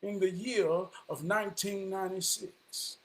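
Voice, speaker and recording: A man, telling a personal story in an animated, vernacular way. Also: high voice, unhurried. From Charlotte, North Carolina. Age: 40s. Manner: animated, vernacular, quotes people in dialogue.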